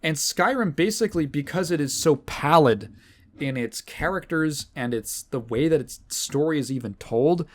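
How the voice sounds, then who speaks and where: A man hosting a casual podcast, his voice sitting a little higher than most men's. He rambles in a sardonic, loose way, swears freely and stumbles through fillers and restarts. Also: lively intonation, normal speed. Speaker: podcast host. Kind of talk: casual chat.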